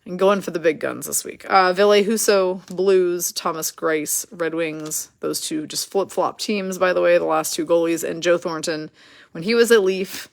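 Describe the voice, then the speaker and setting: Gravelly-voiced woman hosting a card break. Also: on the low side. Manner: chatty, quick rundown of names and teams, laughs at herself. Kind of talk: live card break commentary.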